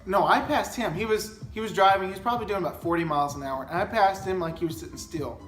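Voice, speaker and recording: A sheepish, laid-back young man recounts a story in a casual chat, his voice mid-pitched. The room rings with echo, and faint music plays underneath. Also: fast talker, a bit bright. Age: young adult. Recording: echoey room with music behind.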